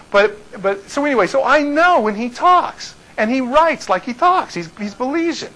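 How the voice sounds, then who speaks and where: A male pastor telling a story to his congregation in an animated way, often restarting and repeating words. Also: very high-pitched, normal speed, few pauses, low-quality recording.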